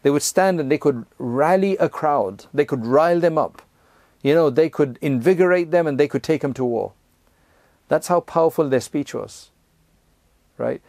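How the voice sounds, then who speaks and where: Man teaching a religious lesson, dark tone. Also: fairly high pitch, normal speed, no echo, clean studio sound. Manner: conversational, explains step by step, frequent "right?" and "you know"; recites Arabic verses in a chanting tone. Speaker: Islamic teacher.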